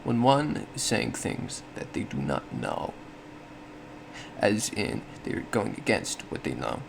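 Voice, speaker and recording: A man's voice: fairly low pitch, sing-song, takes it slowly, creaky, noisy background. A man giving a casual explanatory monologue, thinking aloud with frequent self-corrections and small laughs. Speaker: solo podcast host.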